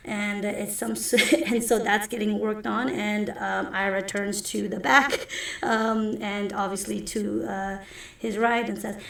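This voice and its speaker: A woman's voice: mid-range voice, steady tone, unhurried, gravelly, fairly bright tone. A woman narrating as game master of a tabletop game, chatty and rambling. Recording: roomy echo from a distant mic.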